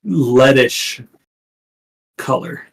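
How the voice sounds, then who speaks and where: A man's voice: mid-range voice, extremely slow, low-quality recording. Male game master, rambling descriptive narration.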